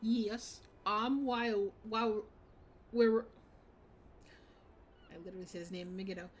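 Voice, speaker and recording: A woman's voice: medium pitch, a little slow, a little hiss or hum. A woman streamer casually commenting on a game, chatty and laughing, often stopping herself mid-sentence. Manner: chatty, laughing, self-interrupting. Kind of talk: casual let's-play commentary.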